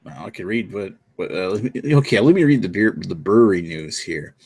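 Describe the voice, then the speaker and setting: A man's voice: low voice, expressive, fairly quick, darkish tone, slightly rough. A man from New Brunswick, Canada, hosting a casual beer chat and reading the beer news in a rambling, laid-back way with plenty of swearing. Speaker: beer podcast host.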